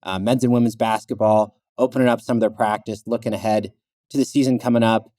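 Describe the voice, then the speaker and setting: A man co-hosting a sports podcast, talking in a relaxed, easygoing way with lots of "uh"s and "you know"s. His voice sits low. The close mic gives it a dry sound with no room around it. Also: fast talker, no echo. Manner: relaxed, filler-heavy, chuckles now and then. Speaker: podcast co-host. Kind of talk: casual sports chat.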